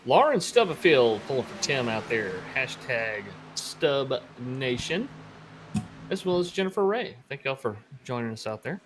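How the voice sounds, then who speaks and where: A man's voice: mid-range voice, very animated, unhurried, noisy background. A man with a Canadian accent doing casual co-commentary on a sim race, chatting and reading out viewer comments. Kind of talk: casual color commentary and chat.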